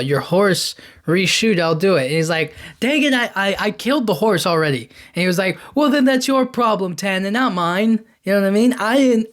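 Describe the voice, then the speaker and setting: A man hosting a podcast, casually retelling a film's plot in a rambling, enthusiastic way, slipping into quick quoted lines. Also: on the high side. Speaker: podcast host. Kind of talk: casual movie recap.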